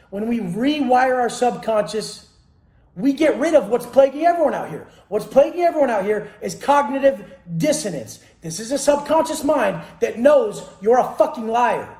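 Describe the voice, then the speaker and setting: A man's voice: very high-pitched, darkish tone, echoey room. A man giving an intense motivational monologue, blunt and heavily profane, firing off rhetorical questions. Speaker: motivational speaker.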